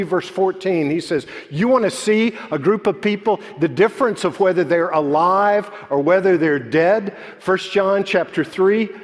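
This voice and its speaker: A man preaching a sermon, moving between animated preaching and soft, quiet storytelling. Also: sits high. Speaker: pastor. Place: church sanctuary. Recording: long hall reverb.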